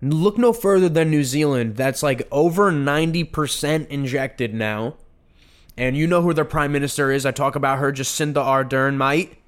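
A man's voice: medium pitch, moderate pace. A man hosting a podcast and giving opinionated commentary, often mocking and sarcastic, repeating phrases for effect. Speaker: podcast host.

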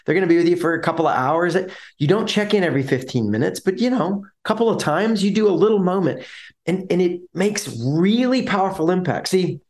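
A man's voice: sits high, expressive, fairly quick, a little mellow. A man co-hosting a business podcast, explaining ideas energetically with vivid images and acted-out quotes. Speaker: podcast co-host. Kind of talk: casual business podcast chat.

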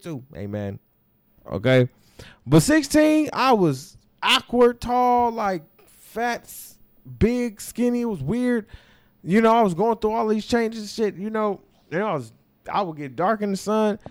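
Young adult man, podcast host, casual storytelling, swearing, acting out quotes, smooth voice, dry sound. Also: sits high, dry recording. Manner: animated, profane, acts out his own quotes.

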